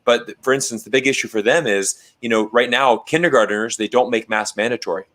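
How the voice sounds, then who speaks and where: Man on a video-call panel, casual and chatty, mid-pitched voice, many restarts. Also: a little fast. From Canada. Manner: animated, with many fillers and restarts. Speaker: livestream guest.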